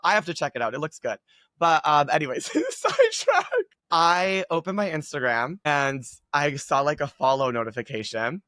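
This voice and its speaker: A man with a slightly raised pitch talks as a guest in a casual chat. He gushes in an upbeat way and packs his sentences with filler words. The sound is close and dry, with no room around it. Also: moderate pace, bright, forceful tone, dry recording. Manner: gushing, upbeat, heavy use of filler words. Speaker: guest content creator.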